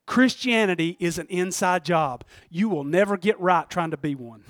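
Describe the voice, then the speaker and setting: High-voiced fervent folksy man preaching. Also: animated, moderate pace, few pauses, no echo, clean studio sound. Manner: fervent, shifts between shouting and hushed asides; folksy, chuckles often. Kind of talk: sermon.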